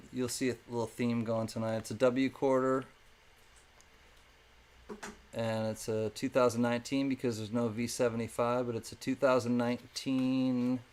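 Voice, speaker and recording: A man's voice: medium pitch, darkish tone, slight background noise. Chatty male live-stream auctioneer. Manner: chatty, thanks viewers by name, drops into sing-song calls.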